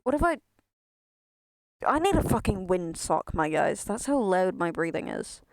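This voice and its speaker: A woman with a fairly low voice and big pitch swings streams a video game, speaking unhurriedly. Exasperated and self-mocking, she swears often in casual chat, and her headset mic, close to her face, catches her breathing with no room sound.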